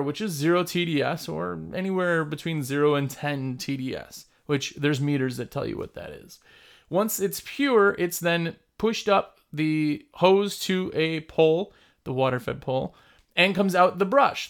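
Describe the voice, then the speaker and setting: Blunt, rambling man with a fairly high voice. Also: unhurried, creaky. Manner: blunt, emphatic, rambling, repeats himself for emphasis. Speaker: window cleaning business owner and video host. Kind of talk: casual vlog talk.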